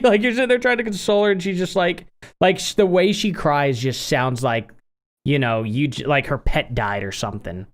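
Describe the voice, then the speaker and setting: A man and father in casual podcast chat, laughing often and talking in a relaxed, conversational way. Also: fairly high pitch. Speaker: podcast co-host.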